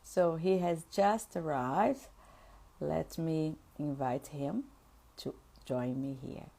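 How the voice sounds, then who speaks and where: A woman in her fifties with a Brazilian Portuguese accent, hosting a live stream in English as a teacher, unhurried and filling pauses with "uh" and "um". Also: sits low, gravelly, mellow. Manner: slow, unhurried speech with trailing fillers.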